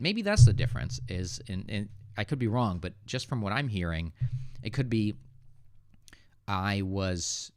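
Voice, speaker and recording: American male teacher host, lowish voice, dry sound, hesitant live Q&A. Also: no echo. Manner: hesitant, thinks aloud with restarts. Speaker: English teacher hosting a livestream. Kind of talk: casual livestream Q&A.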